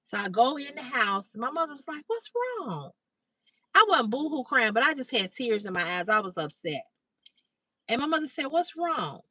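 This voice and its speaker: A middle-aged woman hosting a livestream, telling a story casually to her chat, acting out the quoted lines in a higher voice and swearing freely. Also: brisk, no echo, far from the mic, low-quality recording. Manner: animated, acts out quoted dialogue in a higher voice. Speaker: livestream host.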